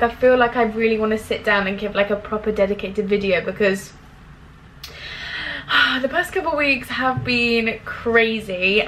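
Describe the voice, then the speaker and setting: A woman's voice: a little high, slight background noise, low-quality recording. A young woman vlogging in a casual chat, effusive and full of "like" fillers. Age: young adult. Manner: chatty, full of "like" fillers, warm and effusive toward viewers.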